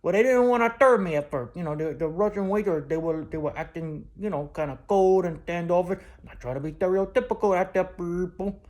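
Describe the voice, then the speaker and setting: A man's voice: sits high, fairly quick, few pauses, darkish tone, natural voice. A man voicing a brash, streetwise male plush bulldog who tells a rambling comic story in chatty, broken-grammar patter. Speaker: show mascot.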